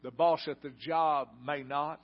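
Folksy older preacher telling a story. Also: male voice, a little high, fairly even intonation, unhurried. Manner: folksy storytelling, asks the congregation questions. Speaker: pastor. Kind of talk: sermon. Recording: dull lo-fi sound.

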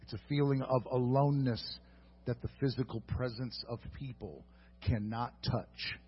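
A pastor preaching a sermon in an earnest way, moving between hushed reflection and fervent exhortation. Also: male voice, medium pitch, steady tone, unhurried, breathy edge, highs cut off.

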